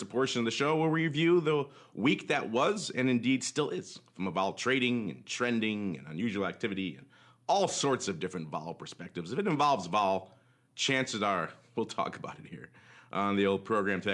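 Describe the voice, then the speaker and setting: A man's voice: lowish voice, lively intonation, brisk, fairly bright tone. A man hosting a casual markets podcast in an upbeat, rambling way, his voice slightly worn from days of talking. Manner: chatty, upbeat, rambling asides. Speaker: podcast host.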